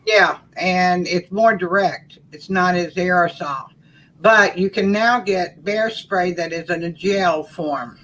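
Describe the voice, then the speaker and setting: A woman's voice: lowish voice, slow, a bit bright, a little hiss or hum, poor audio. A woman with a Southern US accent, chatting casually and telling stories with a wry edge. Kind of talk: casual podcast chat.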